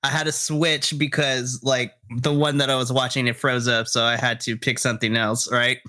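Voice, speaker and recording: A man co-hosting a podcast over a home internet call, chatting in a sassy, animated way and laughing often. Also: medium pitch, normal speed. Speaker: podcast co-host. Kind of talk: casual live-reaction chat.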